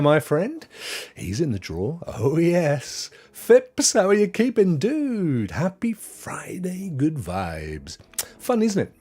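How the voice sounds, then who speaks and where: Man, British accent, fifties, live-stream host, casual chat, lively up-and-down pitch. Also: husky. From United Kingdom. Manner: chatty, greets viewers warmly by name, chuckles often.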